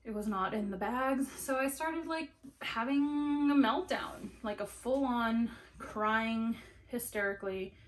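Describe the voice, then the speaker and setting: A young adult woman vlogging while she sews, telling a story in an animated way with lots of "like" fillers. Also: a little high, measured pace, poor audio. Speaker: sewing vlogger. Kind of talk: casual chat while sewing. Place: at home at a sewing table.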